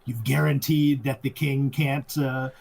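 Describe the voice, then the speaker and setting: A man co-hosting a movie podcast, mostly chiming in with short agreements and quick additions. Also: mid-range voice, flat delivery, gravelly, a little mellow, slight background noise. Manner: short agreeing interjections and add-ons. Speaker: podcast co-host. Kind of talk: casual movie chat.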